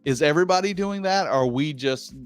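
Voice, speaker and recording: A man hosting a casual chat, joking around and reading out a listener's question slowly with many pauses. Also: on the high side, expressive, clean tone, soft background music. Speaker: host.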